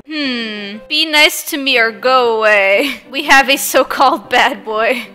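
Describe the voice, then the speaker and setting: Giggly high-voiced young woman gamer. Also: a little slow, few pauses, pushed and bright. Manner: giggly, chatty, laughs often. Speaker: gaming YouTuber. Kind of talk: playing a game on camera, chatting with other players. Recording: game music faintly behind.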